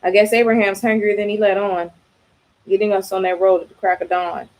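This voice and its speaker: A woman's voice: mid-range voice, level tone, fairly quick, darkish tone, lightly acted, poor audio. A woman reading aloud as a guarded, wry male group leader from a comic.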